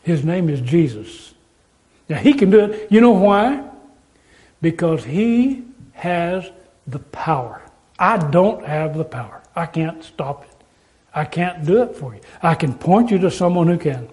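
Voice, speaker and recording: A man with a fairly high voice preaches a sermon. He talks in an emphatic, repetitive way and pauses and restarts as he makes each point. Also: expressive, a little mellow.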